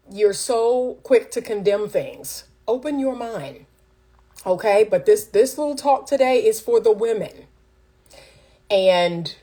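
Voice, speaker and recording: A woman's voice: mid-range voice, measured pace, warm tone. A middle-aged woman coaching on relationships in a casual livestream, speaking directly and like a teacher to her viewers. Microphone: phone livestream.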